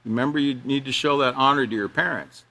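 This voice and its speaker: A man's voice: mid-range voice, fast, pushed and bright. A man leading an online teacher training class, talking loosely with restarts and laughing at his own examples.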